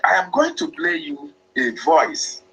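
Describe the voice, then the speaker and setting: In a muffled recording, a man with a Nigerian accent uses a slightly high, creaky, sharp, husky voice whose pitch swoops wildly, keeping a measured pace. He's a speaker on a political online broadcast, giving an emphatic, repetitive monologue that denounces his opponents.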